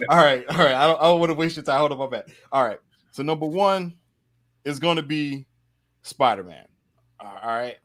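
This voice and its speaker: A man speaking as a guest in a casual movie review chat, animated and full of stammering restarts. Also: a little high, moderate pace. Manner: animated, stammering restarts, frequent "you know".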